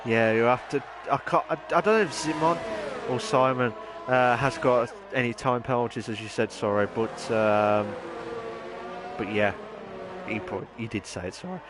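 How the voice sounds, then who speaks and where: A man giving chatty live commentary on an online racing league, rambling and then bursting into excited shouts. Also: mid-range voice, normal speed, over music. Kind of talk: live esports race commentary.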